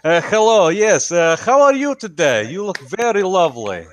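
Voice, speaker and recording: A man voicing a gaudy, pushy male dwarf merchant with a put-on Russian accent and halting, flattering sales talk. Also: sits high, a little hiss or hum. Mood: salesy.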